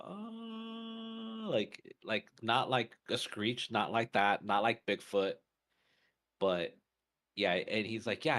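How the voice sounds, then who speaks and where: A man's voice: on the low side, a bit bright. A man co-hosting a podcast, telling a story in casual chat with lots of fillers and restarts. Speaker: podcast co-host.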